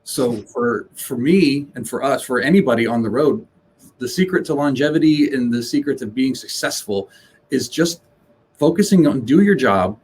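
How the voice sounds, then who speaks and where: A man's voice: medium pitch, lively intonation, normal speed, darkish tone, a little hiss or hum. A man speaking as a guest on a casual podcast, blunt and rambling, restarting sentences and swearing. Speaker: guest, live sound engineer. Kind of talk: casual interview chat.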